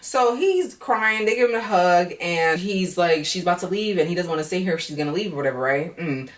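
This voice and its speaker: A woman's voice: lowish voice, fairly quick, recorded from a distance. A woman giving a frank, chatty recap of a reality show on her vlog, swearing freely. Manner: frank, chatty, with heavy profanity.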